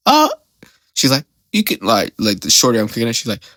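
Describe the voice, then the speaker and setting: Young guy rambling thru a story on his podcast, lots of slang, mid pitch, dry sound. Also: huge pitch swings, a little fast, pushed and bright, dry recording. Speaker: podcast host.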